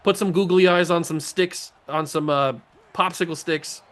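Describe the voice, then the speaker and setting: A man with a slightly higher-than-average voice calls his own video game session play by play, cracking jokes and talking to himself. He drops to low mutters during tense moments and jumps into excited yells when something big happens. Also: moderate pace. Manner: joking, self-talking, swings between mutter and excited yells. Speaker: gaming channel host.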